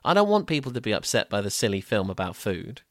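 A man's voice: lowish voice, sing-song, fast talker, no echo, studio quality. A man co-hosting a casual film review podcast, rambling and laughing as he recaps scenes. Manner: laughing, rambling, self-correcting. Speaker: podcast co-host.

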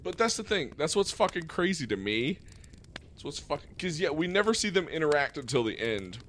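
A man's voice: a little high, sing-song, a little fast, fairly bright tone, slight background noise. A man co-hosting a podcast, talking loosely and profanely in casual chat about a film. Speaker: podcast co-host.

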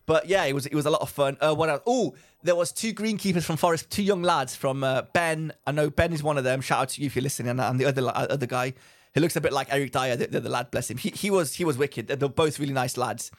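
A man's voice: medium pitch, quick pace. A man, co-hosting a casual podcast, rambling through a story, acting out what people said and laughing often. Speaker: podcast co-host. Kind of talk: casual chat.

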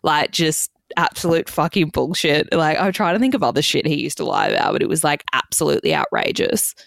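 A young woman's podcast monologue swings widely in pitch while her low, gravelly voice keeps sinking into fry. She rambles through casual stories, swearing freely and saying "like" at every pause. The audio is dry and close with no room sound.

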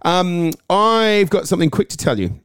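A man's voice: high voice, sing-song, normal speed, clear, resonant tone, no echo, studio quality. A man co-hosting a casual podcast chat, telling stories in a giggly, rambling way, speaking into a handheld mic while seated in a chair. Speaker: podcast co-host.

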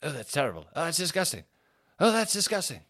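A man playing a shocked, prim family father, repeating exclamations of disgust in a high, squealing voice. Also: huge pitch swings, fast, a bit bright, exaggerated voice. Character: shocked, prim middle-aged family dad.

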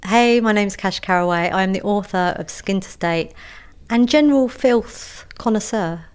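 A woman's voice: mid-range voice, unhurried, clear, resonant tone. A woman, talking frankly and animatedly as an interview guest. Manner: frank, animated, laughing easily. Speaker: guest, author. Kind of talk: interview conversation.

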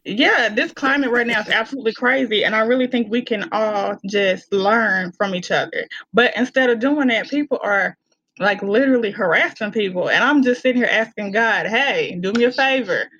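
Southern US woman, candid podcast guest, mid pitch, slightly dull dry sound. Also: normal speed, no room sound. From Arkansas, US. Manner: candid, animated, laughs often. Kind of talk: casual interview chat.

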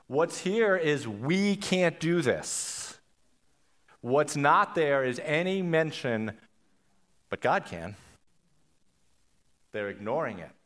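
A man preaching a sermon in a conversational way, swinging between loud emphasis and quiet, low passages. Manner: acts out quoted voices in asides. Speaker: pastor.

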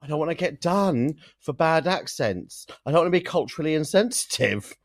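A man's voice: a little high, expressive, fairly quick, no echo, studio quality. A man co-hosting a podcast, chatting casually in a giggly, teasing and sweary way. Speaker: podcast co-host. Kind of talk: casual chat.

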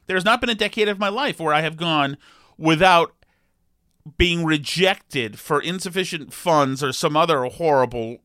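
A man in his forties telling a comic story about himself, self-deprecating and animated, acting out the dialogue. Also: a little high, dry recording, clean studio sound. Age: 40s. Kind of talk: comedic storytelling.

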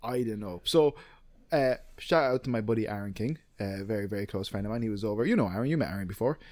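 A man's voice: lowish voice, animated, quick pace, darkish tone, no room sound. A man with an Irish accent co-hosting a casual podcast, telling a long story in a rambling way, full of fillers and the odd swear word. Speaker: podcast co-host.

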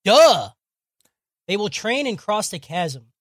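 Casual high-voiced man recapping a show. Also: big pitch swings, slow pace, fairly bright tone, dry recording, clean studio sound. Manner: profane, jokey, narrates scenes with acted quotes. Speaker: podcast co-host recapping an anime. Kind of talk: casual chat.

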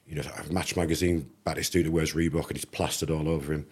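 English male guest, low and husky, chatty anecdote teller voicing the other people. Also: fast. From England. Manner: animated anecdote teller, acts out dialogue. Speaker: podcast guest. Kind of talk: casual storytelling.

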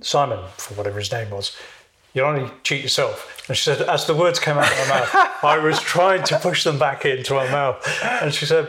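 A man's voice: mid-range voice, brisk, fairly bright tone, slight background noise. Reflective man in his fifties. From United Kingdom. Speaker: military officer guest. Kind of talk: casual interview talk.

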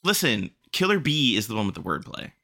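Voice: medium pitch, sing-song, brisk, creaky, bright, forceful tone. A podcast co-host in casual chat, brash and profane, throwing in comic bits.

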